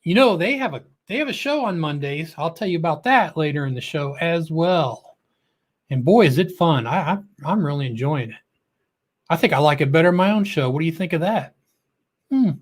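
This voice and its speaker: A man's voice: a little high, expressive, brisk. A middle-aged man hosting a casual livestream, chatty and goofy, greeting viewers by name with a lift in his voice. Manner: joking and goofy. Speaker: livestream host.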